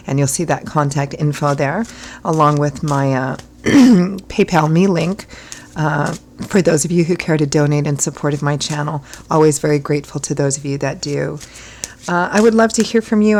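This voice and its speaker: A hoarse woman from Ireland giving a chatty tarot reading, rambling with fillers and clearing her throat often. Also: low-pitched, a little mellow, slight background noise. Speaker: tarot reader. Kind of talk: casual tarot reading talk.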